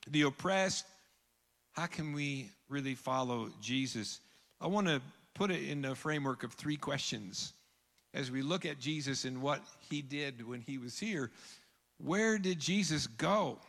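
A man preaching a sermon as pastor, earnest, rising to emphatic peaks and dropping to hushed lines. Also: fairly high pitch, big-room sound. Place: church sanctuary.

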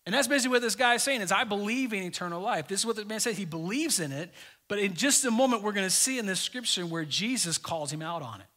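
A man preaching a sermon to his congregation in a conversational, joking way, often dropping suddenly to a soft voice. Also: high voice, animated, fast. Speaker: pastor.

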